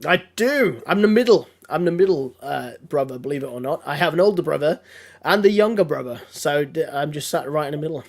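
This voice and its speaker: A hoarse man chats casually as a podcast guest, rambling and laughing as he goes. His voice sits a little high and has a gravelly edge. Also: animated, brisk. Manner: chatty, laughs often, restarts. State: hoarse from a throat infection. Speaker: guest streamer.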